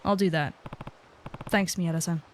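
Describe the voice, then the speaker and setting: Kiryu, voiced by a woman as a gruff stern man. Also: fairly even intonation, a little slow, slight background noise, lightly acted. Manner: low, clipped and serious. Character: gruff, stern grown man, a reserved ex-yakuza hero. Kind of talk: voicing game dialogue while reading subtitles.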